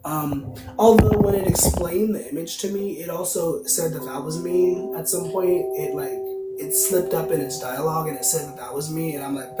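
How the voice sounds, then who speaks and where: A man's voice: a little high, fairly even intonation, moderate pace. A man hosting a tarot reading livestream, chatting loosely and answering viewer comments aloud as he goes. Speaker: tarot card reader, livestream host. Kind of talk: casual livestream chat. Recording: roomy, distant mic, music behind. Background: music playing.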